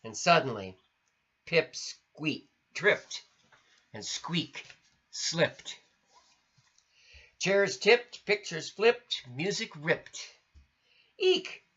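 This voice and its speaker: Guy reading a kids story, slow and bright, kinda dull lo-fi sound. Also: a little high, husky. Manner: expressive, sing-song. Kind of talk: storybook read-aloud. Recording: lo-fi recording.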